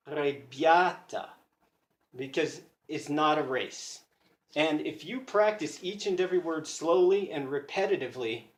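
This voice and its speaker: American man, roomy phone recording. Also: a little high. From United States. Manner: earnest, thinking aloud, self-correcting. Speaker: language learner sharing study tips. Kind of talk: casual explanatory video talk.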